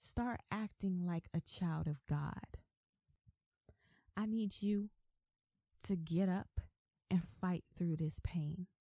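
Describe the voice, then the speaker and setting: A woman's voice: fairly low pitch, slow, pauses often, warm tone, dry recording. A woman hosting a faith podcast, talking emphatically and with repetition, like an exhortation. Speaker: podcast host.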